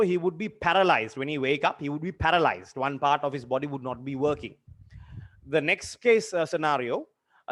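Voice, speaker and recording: A young man in his twenties, a teacher telling a personal story in a lesson, earnest and halting with many fillers and repeated phrases. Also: fairly high pitch. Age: 20s. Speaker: literature teacher.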